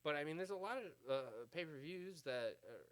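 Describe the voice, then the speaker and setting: A man in his thirties rants casually to camera in a slightly higher voice. He rambles, swears often and pads his thoughts with fillers, and the ramble runs on without tidy sentences. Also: animated, moderate pace, fairly bright tone. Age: 30s. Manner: profane, rambling, full of fillers. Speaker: vlogger.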